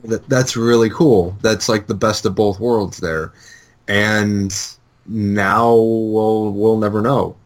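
A man's voice: fairly low pitch, steady tone, slow. A man co-hosting a casual podcast chat, enthusiastic and loose, full of fillers. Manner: enthusiastic fan talk, lots of fillers. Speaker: podcast co-host.

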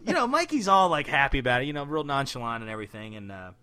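A man co-hosting a casual chat, animated, laughing often and slipping into silly character voices. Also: mid-range voice, quick pace. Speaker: podcast co-host recapping a cartoon.

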